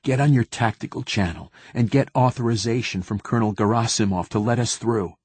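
A man's voice: mid-range voice, a little fast, darkish tone, slightly rough, dry recording, natural voice. A man voicing a wounded young male governor who gives clipped, authoritative orders. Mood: commanding.

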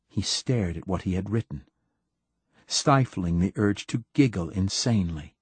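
A man narrating an audiobook with a measured, dramatic reading. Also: deep voice, expressive, a little mellow, breathy edge, no echo. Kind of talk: scripted narration.

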